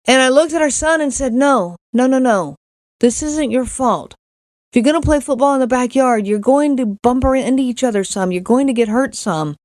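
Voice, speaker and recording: A woman's voice: high-pitched, moderate pace, a little mellow, no room sound, studio quality. A middle-aged woman hosting a podcast, telling a personal story in an earnest way, often repeating words and acting out what others said. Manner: earnest, repeats words, acts out quoted lines. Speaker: podcast host.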